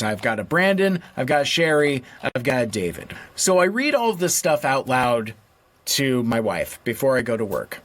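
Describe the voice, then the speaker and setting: A man's voice: mid-range voice, a bit bright. A man hosting his own podcast in casual solo chat, wry and exasperated, rambling with restarts and reading messages aloud in a mock-polite tone. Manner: rambling with restarts and filler words. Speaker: podcast host.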